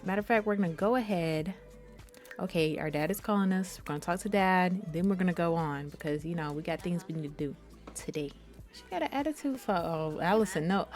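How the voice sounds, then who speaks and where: A woman's voice: fairly low pitch, fairly quick, soft background music. Chatty young woman narrating her gameplay. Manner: chatty, animated, addresses viewers as y'all. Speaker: gaming YouTuber. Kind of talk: casual let's-play commentary.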